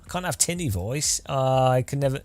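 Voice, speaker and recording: A man's voice: medium pitch, expressive, fairly quick, faint music behind. A man streaming live, testing and adjusting his studio microphone, joking wryly as he counts into it close up. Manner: rueful, joking, counting into the mic.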